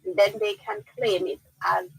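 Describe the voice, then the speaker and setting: A woman's voice: medium pitch, big pitch swings, measured pace, creaky, breathy edge, low-quality recording. Firm Jamaican woman giving legal advice. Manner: firm, explanatory, repeats key points. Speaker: lawyer answering listener questions. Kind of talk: radio call-in legal advice. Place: radio studio.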